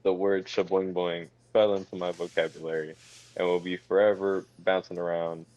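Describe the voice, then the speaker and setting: A man's voice: sits low, little pitch movement, moderate pace, darkish tone, no echo. A young man on a casual podcast, animatedly telling a funny story. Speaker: podcast co-host. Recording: dry, dull lo-fi mic.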